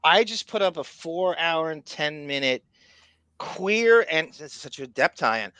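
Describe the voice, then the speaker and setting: Excitable bright-voiced podcast co-host, man. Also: on the high side, a little slow, smooth, no echo. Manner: excitable, rambling, self-interrupting. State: raspy. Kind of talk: casual chat.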